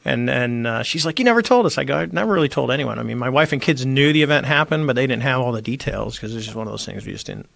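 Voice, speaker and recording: Talking fast with few pauses and some vocal fry, this middle-aged man has a medium-pitched, fairly bright voice on a dry recording. A former Navy squadron commander and podcast guest, he tells his story casually in the studio, performing the voices he quotes.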